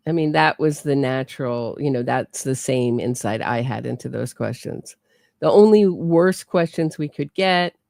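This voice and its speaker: A woman hosts a true crime livestream in a relaxed, chatty way and keeps turning to her viewers. Her voice has a gravelly, creaky texture. The sound is close and dry, with no room echo. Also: a bass voice, moderate pace. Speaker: true crime podcast host. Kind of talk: casual livestream commentary.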